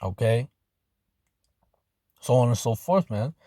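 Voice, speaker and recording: A man preaching an informal sermon in casual street slang, filling his talk with "man" and "okay", and slowing down to read scripture loudly. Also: mid-range voice, expressive, no room sound, clean studio sound. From Arizona, United States. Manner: reads scripture slowly and loudly.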